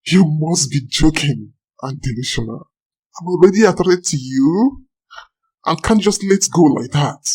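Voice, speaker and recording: A man's voice: a little high, expressive, unhurried, a little mellow, breathy edge, poor audio. A man playing a smug, manipulative married boss who blackmails his employee. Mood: coercive. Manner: smug, threatening.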